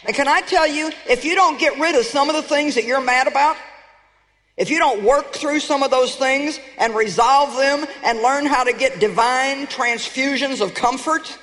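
A woman's voice: high-pitched, moderate pace, a bit bright. Emphatic woman preaching in a big hall. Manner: emphatic, calls for audience response. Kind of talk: sermon. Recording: long reverb of a large hall.

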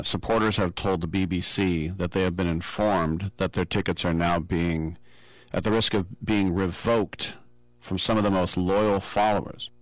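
A man casually telling a lively personal story on a podcast, acting out the quotes. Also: low voice, dry recording, rough recording. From from abroad, flew in to see matches. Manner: animated anecdote-telling with acted-out quotes.

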